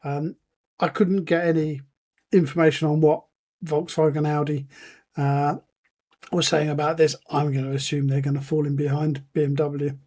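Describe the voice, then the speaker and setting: Measured man with a mellow voice. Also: on the high side, level tone. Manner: measured, informative, lays out facts with fillers. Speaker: podcast co-host. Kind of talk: casual chat.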